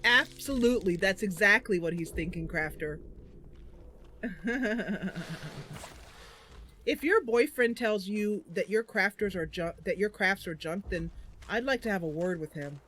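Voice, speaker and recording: A woman's voice: medium pitch, lively intonation, a little slow, a bit bright, slight background noise. A woman hosting a game livestream, chatting casually and thinking aloud as she plays, often giggling. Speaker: livestream host.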